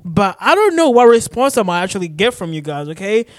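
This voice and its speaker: This is a young podcast host from Arizona, alone at the mic in a shared studio office, rambling casually with heavy fillers and swearing. He speaks briskly in a high voice with big swings in pitch, and the recording is dry.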